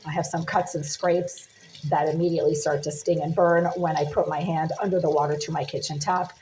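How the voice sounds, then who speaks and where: A woman recording a self-made monologue inside her apartment, speaking intensely and insistently in long run-on sentences, her voice husky and smoky-sounding, with the distance to her handheld phone shifting as she moves between rooms. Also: sits low, little pitch movement, fairly quick, mellow, a little hiss or hum. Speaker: vlogger documenting at home. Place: indoors in a small apartment, kitchen, hallway and bathroom.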